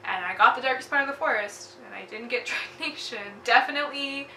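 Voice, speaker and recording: Young Texan woman, gushing chatty storyteller, higher voice; roomy, distant sound. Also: a little fast, pushed and bright, a little hiss or hum. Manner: gushing, lots of "like" and laughs. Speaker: book vlogger. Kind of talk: casual storytelling recap.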